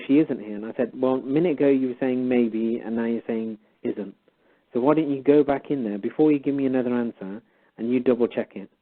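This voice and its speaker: A man casually telling a story and quoting both sides of a conversation. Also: medium pitch. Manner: animated retelling, quoting both sides of a dialogue. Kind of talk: casual storytelling on a call-in show. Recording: phone-line audio.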